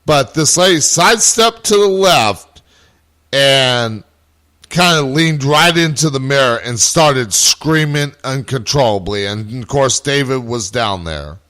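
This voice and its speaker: A man hosting a casual chat, recounting a ghost investigation in a halting way with restarts. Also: mid-range voice, lively intonation, pushed and bright.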